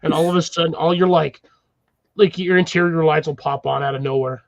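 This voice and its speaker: A man's voice: fairly high pitch, steady tone, fairly quick, vocal fry. A man joining a livestream chat by call, joking and teasing in a casual way. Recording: dull lo-fi call audio.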